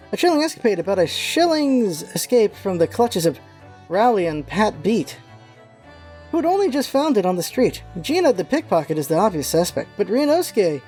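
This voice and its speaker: A woman hosting a casual game voice-through, reading scenes and joking in an animated, exasperated way. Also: mid-range voice. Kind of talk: casual let's-play commentary and reading.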